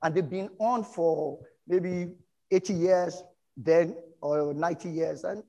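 A middle-aged man from Nigeria with a Nigerian English accent, preaching a sermon and telling stories from his own life, animated and breaking into shouts. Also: a little high, slow, low-quality recording. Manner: animated storytelling, bursts into shouts. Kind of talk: sermon with personal testimony.

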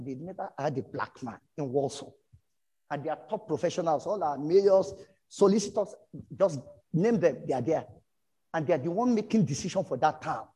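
A middle-aged man from Nigeria with a Nigerian English accent, preaching a sermon and telling stories from his own life, animated and breaking into shouts. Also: on the high side, breathy edge, low-quality recording. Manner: animated storytelling, bursts into shouts. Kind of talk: sermon with personal testimony.

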